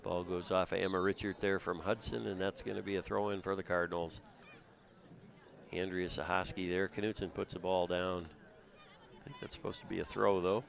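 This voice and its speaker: A man doing steady, conversational play-by-play for a high school soccer game outdoors. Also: moderate pace, gravelly. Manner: steady, conversational, with frequent uh fillers. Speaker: play-by-play commentator. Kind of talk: live sports commentary. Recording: crowd noise in the background. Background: crowd noise.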